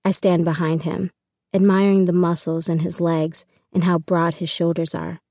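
A woman narrates a first-person audiobook in an even, intimate way. Her voice sits low and mellow, and the recording is close and dry, with no room around it. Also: normal speed, dry recording.

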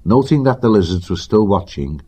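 Male audiobook narrator; deep, husky, steady pacing. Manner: measured, even storytelling.

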